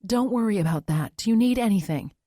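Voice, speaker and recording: A woman's voice: mid-range voice, animated, a little fast, dark tone, no echo, studio quality, natural voice. A woman voicing a worried, fragile mother who speaks in an anxious, pleading tone. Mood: anxious, tearful.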